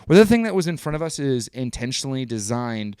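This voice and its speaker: A man in his thirties hosting a live stream, talking casually in a rambling, animated way that often interrupts itself. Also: mid-range voice, fast, smooth, no room sound, clean studio sound. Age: 30s. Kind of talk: casual livestream monologue.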